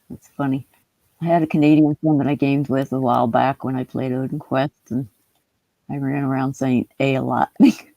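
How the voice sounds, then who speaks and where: Subdued gravelly woman streaming a puzzle. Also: very deep voice, mellow, no room sound, dull audio. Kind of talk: casual livestream chat while doing a puzzle.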